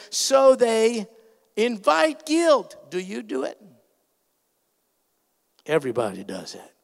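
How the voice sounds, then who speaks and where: Male pastor, high raspy-edged voice, fervent preaching, long reverb of a sanctuary. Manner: earnest, emphatic preaching with sudden loud swells. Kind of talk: sermon. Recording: reverberant hall sound.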